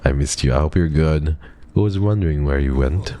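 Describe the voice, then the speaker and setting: A man with a rumbling low, mellow voice talks briskly in a dry recording. While live-streaming a horror game he chats playfully with viewers, jumpy and talkative, and lowers his voice to a whisper when something spooks him.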